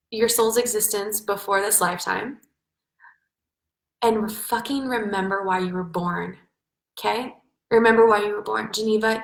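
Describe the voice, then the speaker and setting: A woman's voice: a little high, fairly bright tone, reverberant, rough recording. A woman business coach hosting a live stream Q&A, effusive and spiritual, swearing casually as she encourages viewers.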